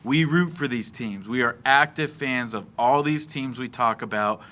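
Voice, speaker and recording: A man's voice: mid-range voice, normal speed, sharp tone. A young man from Florida, co-hosting a casual sports talk show and recapping the game play by play in a chatty way. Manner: chatty, recaps plays at length. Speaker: podcast co-host.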